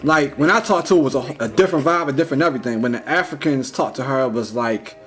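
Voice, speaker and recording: A young man talking in a casual, rambling vlog monologue, full of "like" and "you know", slangy and animated. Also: medium pitch, quick pace, soft background music. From United States. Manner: rambling, heavy use of "like" and "you know", restarts; slangy, animated when retelling. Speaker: vlogger.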